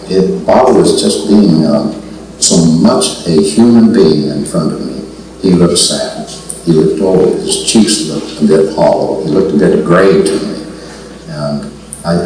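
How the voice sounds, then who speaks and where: An older man giving a seminar talk, telling a personal story in a reflective way, often repeating phrases and acting out the dialogue he quotes. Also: low voice. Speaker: seminar speaker. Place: meeting room at a spiritual center. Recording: very echoey room, mic far off, faint hiss.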